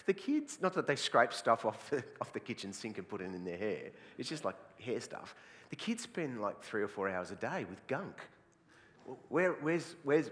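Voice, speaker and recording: A man's voice: medium pitch, a bit bright. A man with an Australian accent, a pastor opening a sermon with playful, self-mocking jokes to his congregation. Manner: jokey, self-mocking, laughs at own jokes. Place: large church hall. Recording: long hall reverb.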